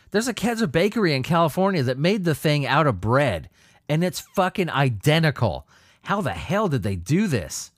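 A man rants through news stories on his own show, swearing freely and tripping over his words as he gets worked up. His pitch swings widely from low grumbles to high outbursts. The sound is dry and close, with no room around it. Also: no echo. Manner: profane, animated ranting with frequent restarts. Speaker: podcast host reading news. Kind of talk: solo commentary on news articles.

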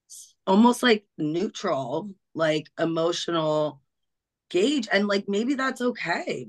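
A woman co-hosting a podcast speaks in a lower register. She muses aloud in a hesitant, searching way and reflects her guest's words back to her. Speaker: podcast co-host. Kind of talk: casual conversation.

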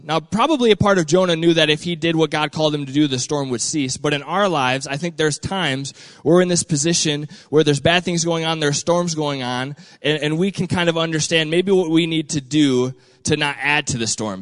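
A man's voice: a little high, fairly bright tone, dry recording. A young man preaching in a casual, chatty way, full of slang, who acts out the quoted lines in a raised voice. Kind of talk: casual sermon.

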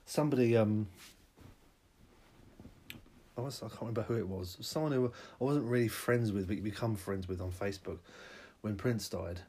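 A man hosting a podcast, delivering a rambling, sweary comic rant that bursts into shouting. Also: on the low side, fast talker, breathy edge. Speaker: podcast host. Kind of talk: comic ranting monologue.

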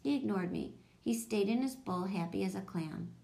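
A woman's voice: medium pitch, moderate pace, vocal fry, warm tone, natural voice. A woman voicing an earnest young boy dressed as a monster, speaking in a plain, matter-of-fact way.

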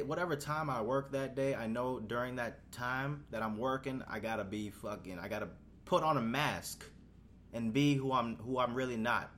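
A man's voice: mid-range voice, fairly bright tone, a little hiss or hum. A young man hosting a casual solo podcast, rambling and swearing in a laid-back way, his voice jumping up when he gets worked up. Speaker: podcast host. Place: Houston, Texas.

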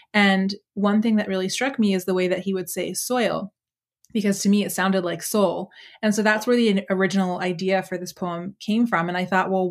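A woman poet explaining her work in a reflective, measured way, with frequent pauses and ums. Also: mid-range voice. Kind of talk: thoughtful conversational explanation.

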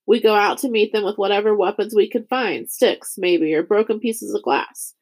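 A woman reading a weary, thoughtful father in a storybook, softer and lower than her narration. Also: moderate pace, breathy edge. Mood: grave.

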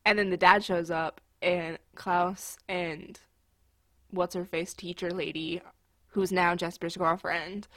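A woman's voice: fairly low pitch, flat delivery, slow, no room sound. A woman chatting casually about a movie, full of fillers and wry asides.

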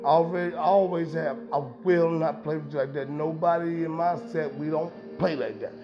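High-voiced man ranting, profane and emphatic. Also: steady tone, normal speed. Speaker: podcast host. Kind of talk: casual monologue. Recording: dull lo-fi sound with music behind.

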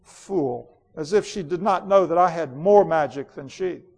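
A man's voice: on the high side, measured pace, vocal fry, darkish tone. A man voicing a cold, ruthless queen in a dramatic storybook reading, in an imperious, declamatory manner. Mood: bitter, imperious. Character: proud, cold, ruthless ancient woman queen.

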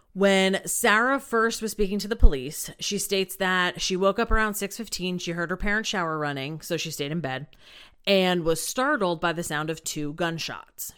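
Woman telling a true crime story on a podcast, lowish smooth voice, lots of ums and likes. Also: fairly bright tone. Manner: chatty, many fillers like "um" and "like".

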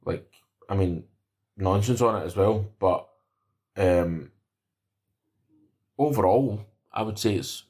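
A man's voice: on the low side, slow, pauses often, a little mellow. A man with a Scottish accent, co-hosting a podcast in casual chat about fights, bantering in a laid-back way. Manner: laid-back banter, calls people mate. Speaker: podcast co-host.

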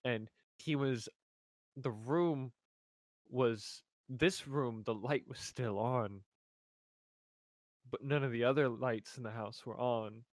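Man, casual storyteller on a call, halting delivery, dry close sound. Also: mid-range voice, no echo. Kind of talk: telling a ghost story on a call.

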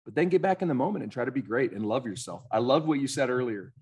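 A man's voice: medium pitch, animated, quick pace, a little mellow, husky. A man co-hosting a podcast in casual conversation, encouraging and coach-like.

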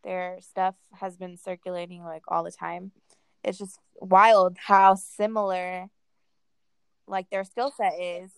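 A woman's voice: lowish voice, level tone, slow pace, vocal fry, clean tone, no echo. A young woman co-hosting a casual chat, talking in a laid-back, wry way with lots of fillers.

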